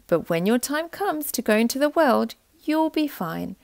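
A loving mother oak tree from a storybook, speaking softly and reassuring her little one, as voiced by a woman. Her voice sits high and swings gently, close and dry. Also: big pitch swings, normal speed, vocal fry, no echo. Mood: tender. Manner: soft, reassuring.

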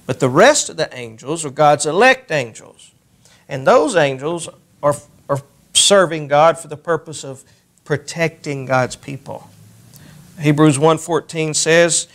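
A male pastor preaching a sermon, lifting his voice when he reads scripture aloud. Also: fairly bright tone. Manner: rises in pitch and volume when reading scripture aloud.

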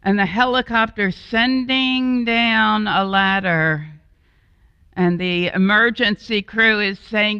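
Guest preacher, woman, slow and gravelly, bright tone, dull dry recording. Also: medium pitch, no echo, big-room sound. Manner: slow, expressive, with acted voices. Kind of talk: storytelling sermon.

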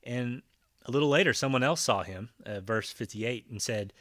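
A man's voice: mid-range voice, normal speed, fairly bright tone, no room sound, clean studio sound. A man preaching a conversational Bible-teaching sermon, retelling scenes with voiced quotes and frequent fillers and restarts. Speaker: pastor.

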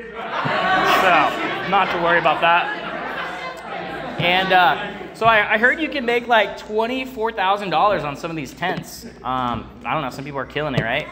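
A young man preaching to a congregation. He tells a personal story in a rambling way, with many fillers and restarts, and calls out to the crowd. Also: fairly high pitch. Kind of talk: church sermon with personal story.

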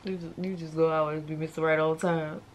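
A woman with a fairly low voice chats casually in a vlog and talks straight to her viewers. A faint hiss of room noise sits under her voice. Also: level tone, a little fast. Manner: subdued and emotional. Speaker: vlogger.

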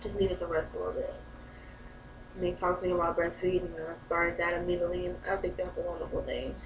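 A woman's voice: lowish voice, monotone, fast talker, background noise. A young mother, talking about her new baby in a heartfelt, rambling way and often laughing. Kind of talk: emotional personal vlog. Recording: echoey room, mic a bit far.

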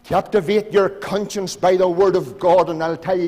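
A Northern Irish man preaches from the pulpit, his voice sitting a little high as he pleads with the congregation. He swings between loud appeals and hushed asides. Long reverb from the church hall trails after every phrase. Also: fairly even intonation, normal speed. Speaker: pastor. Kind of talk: sermon. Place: church sanctuary.

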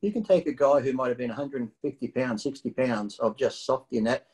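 A man's voice: medium pitch, fairly quick, poor audio. A middle-aged man telling a story in casual conversation, blunt and swearing freely as he recounts it. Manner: blunt, profane, animated storyteller. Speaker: guest bodybuilder.

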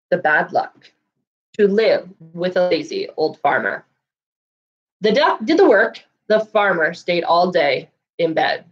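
Slow, animated woman reading to kids. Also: on the low side, muffled recording. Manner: animated, asks young listeners questions. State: coughing now and then. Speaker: children's library storyteller. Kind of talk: reading picture books aloud to children.

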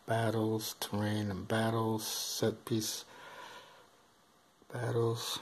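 A man reading a rulebook aloud in a halting, hesitant way, full of ums and uhs, filmed on a camera above the table. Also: on the low side, steady tone, darkish tone. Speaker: board game unboxing host. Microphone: camera filming over the table.

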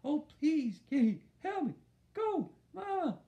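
A panicked crying little boy, high wails. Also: big pitch swings, slow pace, dull audio, exaggerated voice. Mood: pleading. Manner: high wailing pleas. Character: panicked crying young boy with lips frozen.

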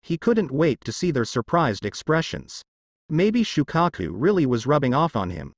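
A man narrating a fanfiction audiobook with an expressive reading. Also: a little high, moderate pace, dry recording.

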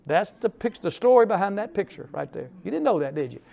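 An older man lectures on local history in a chatty, storytelling way, tossing in asides and questions to the audience. His voice sits a touch high and has a gravelly, creaky edge. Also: sing-song, fast, darkish tone. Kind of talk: informal history lecture with slides. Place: lecture hall.

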